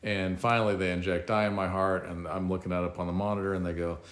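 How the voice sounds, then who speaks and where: Deep-voiced man telling a story. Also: flat delivery, fast, roomy sound. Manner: conversational, self-mocking, reflective. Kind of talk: casual personal story.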